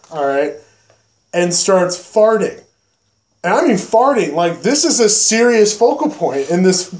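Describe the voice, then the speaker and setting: A man's voice: high-pitched, darkish tone, reverberant. A young man hosting a podcast, telling a story in a casual, profane way and acting out exclamations. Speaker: podcast host. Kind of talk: casual chat.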